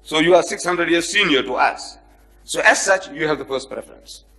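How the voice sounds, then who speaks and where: A man lecturing before a live audience, his voice sitting a little high for a man. He tells his stories with animation and plays out the people in them. He also speaks straight to his listeners, joking with them and scolding them. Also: normal speed. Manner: animated storyteller who acts out the people in his anecdotes; addresses the audience directly, joking and chiding. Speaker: lecturer on comparative religion. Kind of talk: public lecture with storytelling.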